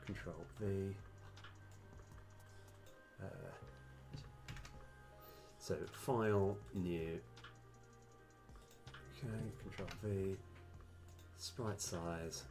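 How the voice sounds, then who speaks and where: A man live-streaming a game, thinking aloud with lots of fillers and sudden bursts of excitement. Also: sits low, very slow, long pauses, over music. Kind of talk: live-stream commentary while playing and mapping a game.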